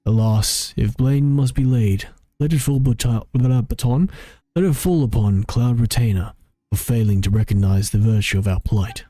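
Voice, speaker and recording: A man's voice: mid-range voice, moderate pace, dark tone, no echo, close to an everyday voice. A man voicing a haughty ancient bird spirit who speaks in stately, old-fashioned phrases. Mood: lofty.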